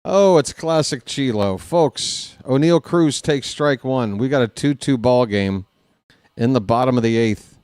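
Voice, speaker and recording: Unhurried and smooth, a man's medium-pitched voice, now tiring, carries fan-biased play-by-play of a baseball game. He gets excited on big plays and chats with the people watching, in a dry, studio-quality recording.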